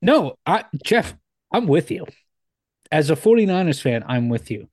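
A man co-hosting a sports podcast, talking casually and agreeing, with some halting restarts. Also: a little high, very animated, a little mellow, no echo, clean studio sound. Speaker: podcast co-host.

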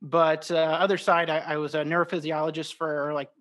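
A man's voice: fairly high pitch, level tone, a little fast, fairly bright tone. A man in his thirties from Southern Illinois, a guest on a podcast, easygoing and joking in casual chat. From Southern Illinois, USA. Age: 30s. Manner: easygoing, self-deprecating jokes. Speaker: podcast guest, toy maker.

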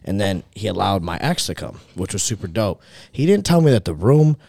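Young man, gravelly voice, dry close sound, profane rambling storyteller. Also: lowish voice, sing-song, brisk, mellow, dry recording. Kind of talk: casual chat.

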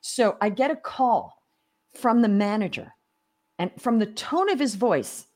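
A woman's voice: a little high, a little slow. A middle-aged woman from Australia speaks as a guest in a casual interview. She tells her stories with energy, slips into the voices of the people she quotes, and often stumbles and restarts mid-sentence. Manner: animated storyteller acting out quoted voices, many restarts. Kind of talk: casual storytelling in a podcast interview.

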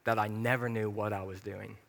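A young male pastor's sermon is delivered in a fairly low, gravelly, fairly bright voice, brisk and flat, with slight background noise. He's chatty and self-deprecating with sudden emphatic bursts, recorded in a church hall with long reverb.

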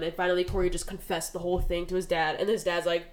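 A woman's voice: on the low side, little pitch movement, quick pace, rough recording. A woman hosting a casual true crime podcast, swearing often, saying "like" constantly, and tearful as she talks. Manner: casual, swears a lot, fillers like "like". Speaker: podcast host.

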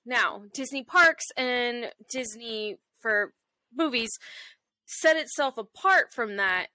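A woman co-hosting a podcast in animated, self-mocking casual chat. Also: on the high side, slow, dry recording. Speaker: podcast co-host.

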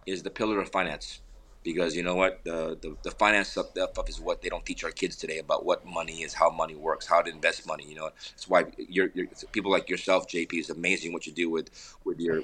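A man with a very deep, low-pitched voice speaks as a guest on a remote call. He tells his points in animated, loosely built stories, often repeating words and restarting. He sounds middle-aged, casual and conversational. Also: fast talker. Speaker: podcast guest, entrepreneur and father. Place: home in an air park community.

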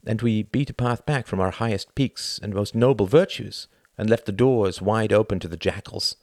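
A sorrowful ambassador speaks quietly and gravely, as a man reading the book puts him on. His voice is very deep and gravelly, and the sound is dry and close. The pace is measured and reflective. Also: no echo, lightly acted. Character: older male British ambassador, sorrowful, reflective.

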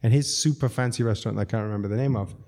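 Speaking quickly in rapid bursts, this fairly low-voiced Zambian man is a restaurateur on as a guest. In casual talk he spins animated anecdotes, often breaking into laughter and acting out what people said.

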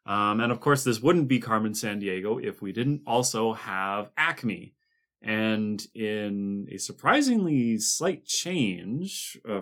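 A man's voice: fairly low pitch, fairly bright tone. A man co-hosting a podcast, explaining details of a cartoon series in a chatty way, with frequent restarts. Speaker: podcast co-host. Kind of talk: casual discussion of a cartoon series.

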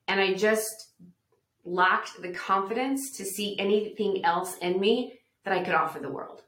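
A woman's voice: mid-range voice, a little slow, fairly bright tone. A woman podcast guest telling her personal testimony in an earnest, reflective way, acting out the voices she quotes. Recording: roomy echo.

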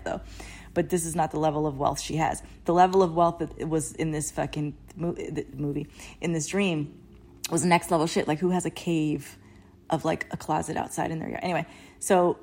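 A woman with a slightly low voice tells a long dream story in a loose, rambling way. She keeps circling back with "like" and half-finished phrases and drops the odd swear word. Her delivery is unscripted and chatty, the way a solo podcast host talks. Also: a little mellow. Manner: rambling, lots of "like" and restarts, swears casually. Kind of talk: casual storytelling monologue.

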